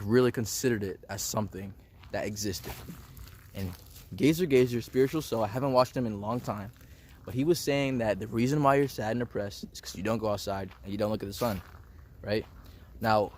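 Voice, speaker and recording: A young male self-improvement vlogger with a mid-pitched voice delivers a casual personal monologue, rambling in slang and saying "bro" and "dude" a lot. Faint background noise can be heard.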